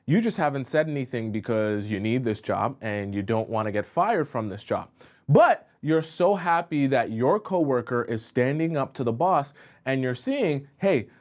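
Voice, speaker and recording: A man's voice: mid-range voice, expressive, moderate pace. A male dating coach talking live to viewers, explaining points and often checking in with them. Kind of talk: live-streamed advice talk.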